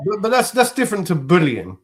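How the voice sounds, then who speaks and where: A chatty man on a podcast panel who swings his pitch around a lot and sits a little higher than most men. He talks in a loose, lively way and laughs easily. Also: brisk, breathy edge. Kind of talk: casual panel discussion.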